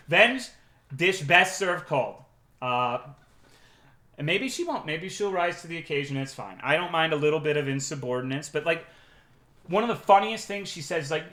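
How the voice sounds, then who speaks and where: A man streaming live, telling a work story in a profane, animated and sarcastic way. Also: fairly high pitch, normal speed, roomy sound. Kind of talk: casual livestream storytelling.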